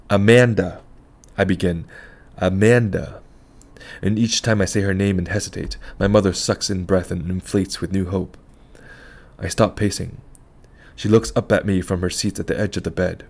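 A man narrating a literary story in the first person, calm and reflective. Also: low-pitched, fairly quick. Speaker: audiobook narrator.

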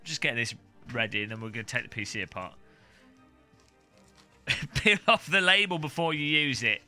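A man's voice: mid-range voice, lively intonation, moderate pace, pushed and bright, soft background music. A man streaming a casual unboxing, rambling and joking as he reads out foreign words in silly voices. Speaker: tech streamer.

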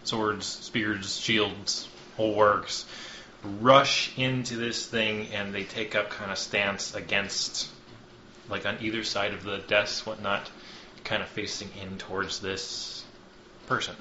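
A man's voice: lowish voice, level tone, takes it slowly, bright, forceful tone. A man narrating as game master in a loose, joking way, often swearing and poking fun at himself. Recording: echoey room, dull lo-fi sound, faint hiss.

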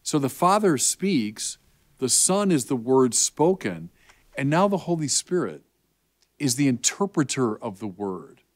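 Animated man with a Chicago accent. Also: mid-range voice, unhurried. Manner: animated and emphatic, with rising bursts. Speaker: bishop answering children's questions. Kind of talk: explaining faith to kids, conversational.

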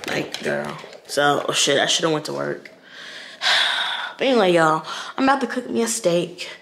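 A woman's voice: low voice, animated, normal speed, creaky, a bit bright. A woman vlogging casually from her home kitchen, rambling and slangy as she talks to her viewers. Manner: chatty, rambling, slangy, addresses viewers as y'all and girl. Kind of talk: casual chat to camera. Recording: echoey room with background noise.

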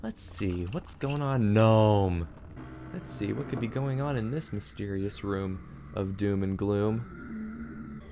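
A man with a fairly low voice and big swings in pitch talks slowly as he plays a game, background noise and game music behind him. The gaming channel host keeps his let's-play commentary casual, joking and speaking to the on-screen character.

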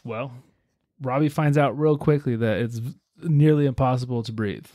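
A man hosting a podcast, telling a story in a relaxed, chatty way with lots of fillers. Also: mid-range voice, moderate pace, no echo, studio quality. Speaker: podcast host. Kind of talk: casual storytelling chat.

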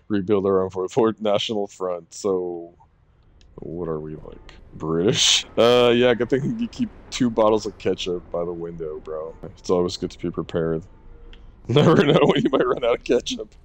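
A man's voice: low voice, darkish tone, dry recording. A man streaming a horror game, joking, swearing and reading on-screen text aloud. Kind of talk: let's-play commentary.

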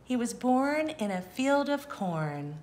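A woman reads a farm picture book aloud for small children. Her voice swoops widely in pitch while she keeps an unhurried pace. She stops often to invite the listener to find things and count them. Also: a little hiss or hum. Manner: gentle, animated, asks the listener to count along. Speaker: children's storyteller. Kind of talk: read-aloud for kids.

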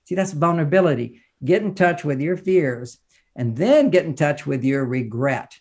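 A man's voice: normal speed, a little mellow, breathy edge. A man who works as a relationship counselor and author, giving advice as a podcast guest in an emphatic, lecturing way, repeating phrases in lists. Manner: emphatic and lecturing, rising in pitch and volume for emphasis. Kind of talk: animated advice talk in an interview.

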